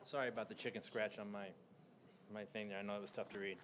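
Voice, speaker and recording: A man reads a prepared statement at the podium at a quick clip, over faint background noise. His pitch sits in a middle range. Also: level tone. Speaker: parent speaking at public comment.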